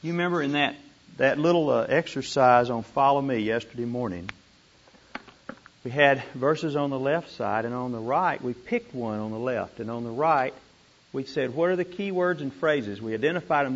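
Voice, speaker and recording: A man teaching a group how to study scripture, animated and repeating words for emphasis. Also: mid-range voice. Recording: dull lo-fi room recording.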